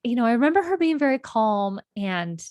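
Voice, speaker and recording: A woman in her forties from California, the host of a podcast, telling childhood stories in a meandering, reflective way with gentle self-corrections. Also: fairly high pitch, very animated, a little fast, no echo, studio quality. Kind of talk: reflective personal storytelling.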